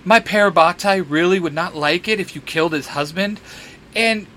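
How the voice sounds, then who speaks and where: A man's voice: high-pitched, moderate pace, pushed and bright, pitched above the performer's own voice. A man doing a cocky young warrior. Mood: smug. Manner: smug, grinning.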